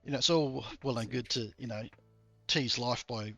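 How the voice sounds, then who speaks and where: A man's voice: medium pitch, moderate pace, bright, forceful tone, no room sound. A man streaming a game, chatting casually and rambling, with occasional swearing. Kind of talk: casual chat. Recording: dull lo-fi stream audio with faint music.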